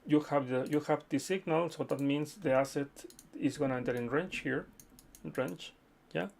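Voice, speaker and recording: Gravelly-voiced man hosting a live chart stream. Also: fairly high pitch, normal speed, a little mellow, a little hiss or hum. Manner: chatty, repeats okay, addresses viewers as friends. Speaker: livestream host reading viewer chart requests. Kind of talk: casual live chart analysis.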